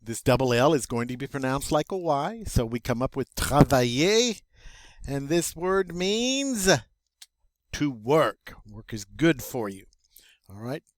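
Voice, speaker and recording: A man teaching French vocabulary as a lesson, slow and playful with little jokes along the way. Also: mid-range voice, sing-song, dry recording. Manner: slow, playful, jokey asides.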